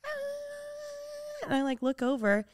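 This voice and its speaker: A young podcast co-host tells a story in casual chat, speaking a little fast and bringing the quotes to life with big swings in pitch. Slight background noise can be heard.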